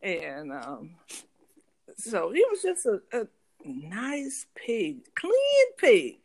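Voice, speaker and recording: A woman with a Southern US country accent, co-hosting a podcast and telling a story in lively, casual chat. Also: lowish voice, very slow, slightly rough. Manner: animated, acts out voices in her stories. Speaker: podcast co-host.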